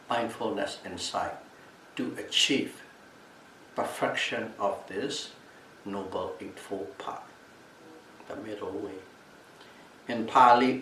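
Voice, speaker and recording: A male meditation teacher giving a calm Buddhist Dhamma talk at a retreat, repeating and restating key terms as he explains them. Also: on the low side. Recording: echoey room, mic at a distance, faint background noise.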